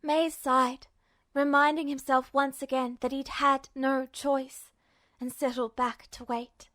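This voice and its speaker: A woman reading fan fiction aloud as a podfic narrator, in a measured, steady way. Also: high voice, dry recording, clean studio sound. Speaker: podfic reader.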